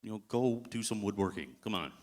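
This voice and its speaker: A man's voice: on the low side, expressive, fairly quick, a little mellow, close to an everyday voice. A preacher voicing a tired, blunt fisherman. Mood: exasperated. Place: church.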